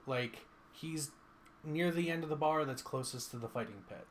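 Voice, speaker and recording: A man's voice: on the high side, normal speed, a little hiss or hum. A man narrating as game master in a tabletop game, talking casually and rambling, often breaking into laughter.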